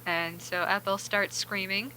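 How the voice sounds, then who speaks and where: A woman's voice: medium pitch, fairly even intonation, measured pace, sharp tone, slight background noise, poor audio. A woman co-hosting a podcast in casual discussion, chatty and laughing often as she recaps. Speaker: podcast co-host.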